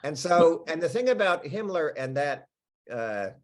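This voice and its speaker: A middle-aged American man, an actor being interviewed, talking in an animated, chatty way with restarts and laughs. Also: on the high side, measured pace. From United States. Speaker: actor guest. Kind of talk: casual interview chat.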